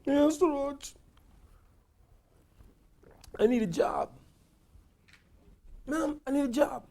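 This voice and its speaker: A man's voice: very high-pitched, slow pace, creaky, warm tone, voice pushed up, full character voice. A man voicing a desperate ex-prisoner who begs for a job and does not want to go back to jail. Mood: pleading. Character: desperate young male ex-prisoner pleading for work.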